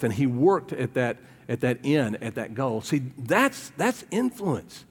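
A man's voice: medium pitch, very animated, measured pace, hardly any pauses, in a large hall. A man preaching a sermon, retelling a Bible story in a loose, conversational way with fillers and voiced quotes. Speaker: pastor.

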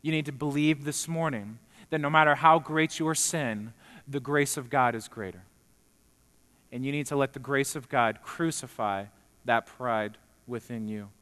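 A man's voice: medium pitch, a little slow, a bit bright. A man pastor preaching an earnest sermon to a congregation in a church, building to emphatic points. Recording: long reverb in a hall.

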